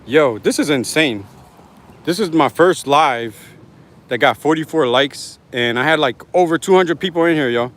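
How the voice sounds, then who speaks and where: A man's voice: fairly high pitch, animated, normal speed, fairly bright tone. A man hosting his own livestream in casual, rambling, slangy chat, reading out viewer comments as he talks into his phone. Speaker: livestream host.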